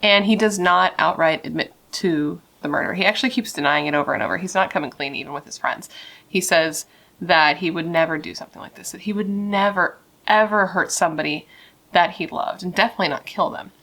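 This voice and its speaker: A woman's voice: fairly low pitch, brisk, vocal fry, a bit bright. A young woman telling a true crime story in a casual, chatty way, swearing and saying "like" a lot.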